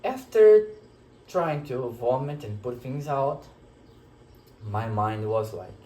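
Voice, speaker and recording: A man telling a personal spiritual story to camera, in an emotional, reflective way with many pauses. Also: mid-range voice, expressive, warm tone, slight background noise. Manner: slow, emotional, reflective, pausing often. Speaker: spiritual teacher sharing a personal experience. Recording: echoey room.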